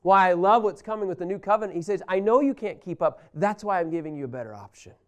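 A man teaching a Bible lesson, reading scripture aloud and explaining it in an emphatic, animated way that speaks straight to his listeners. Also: sits high, fast talker, lo-fi sound.

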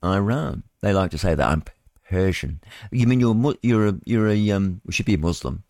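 A man's voice: fairly low pitch, expressive, fast, warm tone, dry recording. A male radio host, reading news items and adding rambling, mocking commentary with chuckling asides. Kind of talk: solo talk radio commentary.

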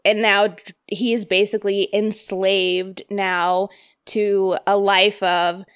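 A young woman in casual movie review chat, animated and joking, swearing freely. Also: medium pitch, slow pace, smooth.

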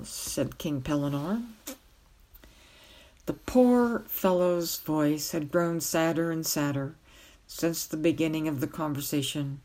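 A woman narrating a novel aloud in a gentle, measured read-aloud style. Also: sits low. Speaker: storyteller reading a novel aloud.

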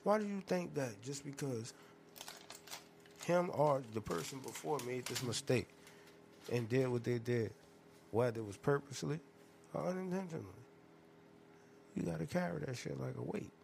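A man hosting a podcast, telling stories in a profane, animated, rambling rant. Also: fairly high pitch, gravelly, slight background noise. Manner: profane, animated storytelling with loud laughing outbursts. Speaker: podcast host.

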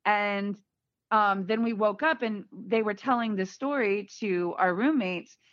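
A woman's voice: mid-range voice, unhurried, no room sound. Woman telling a story, dull dry audio. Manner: lively, acts out quoted voices. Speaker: guest. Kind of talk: casual storytelling.

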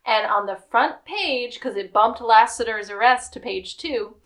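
A woman co-hosting a podcast, casually recapping a TV episode and acting out quick quotes. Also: on the high side, animated, a bit bright. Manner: retells scenes with quick acted quotes and laughs. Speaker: podcast co-host.

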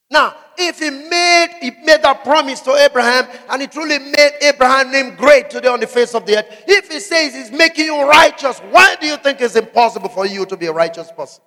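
A man preaching a sermon, asking the congregation questions and shouting out scripture. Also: extremely high pitch, expressive, brisk, few pauses, big-room sound. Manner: emphatic call-and-response preaching, shouting scripture.

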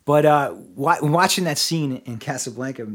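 A man's voice: a little high, moderate pace. A man co-hosting a casual talk show, telling a bartending story with lots of swearing and acted-out dialogue. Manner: animated, profane storyteller acting out dialogue. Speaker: podcast co-host.

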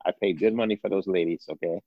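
Here is a man putting on a stubborn old football team owner, drawling. He keeps repeating himself and blusters at his son. His voice sits low and sounds muffled and dry. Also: quick pace, no room sound. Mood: stubborn blustering. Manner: repeats pet phrases, blustering.

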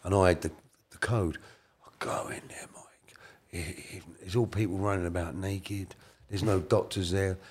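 Low-voiced man telling a story. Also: fairly even intonation, normal speed, breathy edge. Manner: colloquial, earnest, swings between soft and emphatic. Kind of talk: personal storytelling.

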